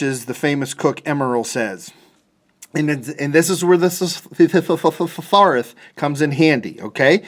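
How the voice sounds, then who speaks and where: A man's voice: mid-range voice, expressive, a little slow. A man, probably middle-aged, teaching a casual cartooning lesson in a chatty, playful way, with fillers and restarts. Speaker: cartoonist teaching a drawing class. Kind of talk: casual drawing lesson for kids.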